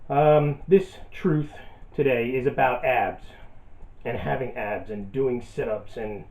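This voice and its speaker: A man's voice: mid-range voice, takes it slowly, darkish tone. A man delivering a sarcastic, self-deprecating comedic rant as a vlogger. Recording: echoey, tinny phone-like audio.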